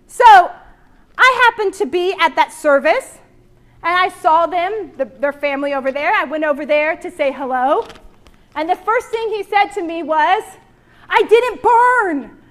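A woman preaching to a women's church gathering, joking and acting out little voices as she goes. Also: very high voice. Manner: animated, jokey, acts out voices. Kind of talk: sermon.

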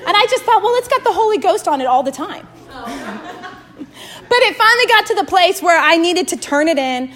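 A woman's voice: very high-pitched, very animated, normal speed. A woman preaching and praying fervently to a women's gathering, recorded on a phone held in her hand in a church room. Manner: fervent, drops to hushed prayer, laughs easily. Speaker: women's ministry speaker. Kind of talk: sermon and prayer. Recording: echoey room, phone mic.

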